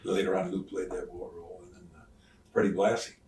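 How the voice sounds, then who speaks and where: An older retired wrestler telling stories in an interview, acting out the voices of others with loud swings. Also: male voice, deep voice, brisk. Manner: animated storyteller, acts out quoted voices, loud swings. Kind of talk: shoot interview storytelling. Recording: roomy sound, mic at some distance.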